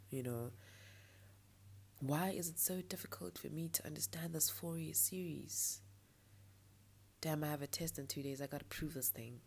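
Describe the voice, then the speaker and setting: Late at night, a young woman delivers a personal monologue on her own podcast, candid and a little frustrated, ranting with soft laughs. One nostril is blocked. Her voice is deep and creaky.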